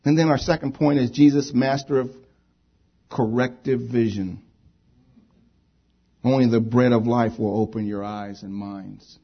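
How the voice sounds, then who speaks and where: Husky man preaching a sermon. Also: mid-range voice, steady tone, unhurried, long pauses, lo-fi sound. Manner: impassioned, rising to near-shouting in rhetorical questions. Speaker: pastor.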